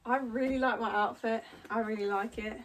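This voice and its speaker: A high-pitched woman hosts a casual home vlog, rambling with plenty of "like" fillers and easy giggles. She sits a bit back from the microphone, so her voice sounds distant in a bedroom. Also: fairly even intonation, moderate pace. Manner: chatty, lots of "like" fillers, giggly. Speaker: vlogger host. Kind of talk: casual chat.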